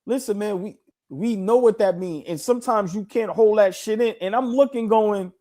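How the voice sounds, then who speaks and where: A man's voice: sits high, expressive, moderate pace, mellow. A man co-hosting a casual sports podcast, rambling with many restarts and repeated calls to listen. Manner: rambling, restarts a lot, says "listen" often. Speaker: podcast co-host.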